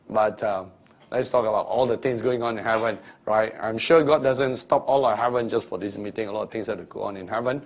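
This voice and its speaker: A man preaching a sermon and telling stories, acting out the scenes, with loose grammar. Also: on the low side. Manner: storytelling, acting out scenes with shifting voices; loose non-standard grammar.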